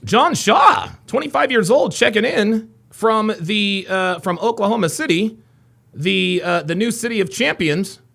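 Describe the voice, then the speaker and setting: A man hosting a casual livestream, reading out viewers' names and places with upbeat shout-outs and dropping into low mumbled asides. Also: lively intonation, unhurried, gravelly. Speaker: livestream host.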